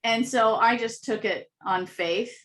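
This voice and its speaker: Lively storytelling woman, higher-pitched. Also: unhurried. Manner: animated, acts out voices in anecdotes, laughs often. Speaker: interview guest. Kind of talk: casual storytelling interview.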